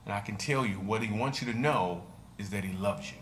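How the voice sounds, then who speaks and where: A man's voice: lowish voice, a little fast. Male comedian, laid-back storyteller, roomy recording. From United States. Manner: relaxed, conversational storytelling. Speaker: stand-up comedian. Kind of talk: casual video monologue. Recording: roomy echo with faint noise.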